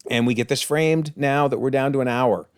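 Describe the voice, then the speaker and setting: A man's voice: mid-range voice, normal speed, smooth, dry recording, studio quality. A man giving a casual, enthusiastic episode breakdown, chatty with frequent exclamations and chuckles. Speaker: TV episode reviewer.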